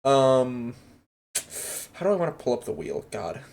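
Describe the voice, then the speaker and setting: Lively laughing man hosting a podcast. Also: medium pitch, unhurried, gravelly. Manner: laughs often, lively joking. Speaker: podcast host. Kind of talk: casual chat.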